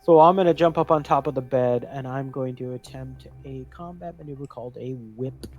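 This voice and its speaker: A man's voice: medium pitch, normal speed, darkish tone, muffled recording. A man playing a tabletop game, chatting and eagerly explaining the rules. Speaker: player. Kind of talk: casual tabletop game chat.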